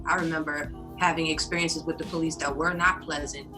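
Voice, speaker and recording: A woman from New York with a fairly low voice tells frank, vivid stories. Guitar music plays clearly in the background. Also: fairly even intonation, a little fast.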